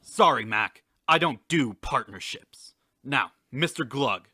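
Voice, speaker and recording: A man's voice: medium pitch, animated, slow pace, sharp tone, slightly rough, no echo, clean studio sound, heavily acted. A young man playing a tough, commanding detective in a student sketch comedy. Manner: brusque, commanding. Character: tough lone-wolf male detective.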